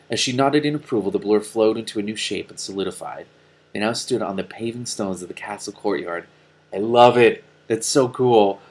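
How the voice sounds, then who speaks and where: A man reading a fantasy novel aloud, breaking off for animated, laughing asides. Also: lowish voice, slightly rough. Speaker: reader.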